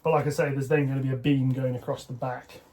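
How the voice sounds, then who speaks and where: A man's voice: medium pitch, little pitch movement, fast talker, darkish tone. A man casually narrating his model railway build as a hobby vlogger, chatty and self-deprecating with plenty of fillers.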